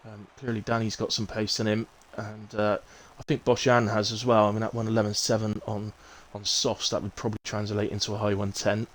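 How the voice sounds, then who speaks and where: A man's voice: on the low side, flat delivery, brisk, few pauses, poor audio. A man with a Bristolian accent giving live, casual commentary on a racing league, chatty and rambling as he fills the gaps with asides. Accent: Bristolian English. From Bristol, England.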